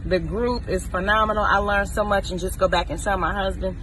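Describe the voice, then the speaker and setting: A woman giving a recorded customer testimonial, upbeat and excited. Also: medium pitch, a little fast, a little hiss or hum, rough recording.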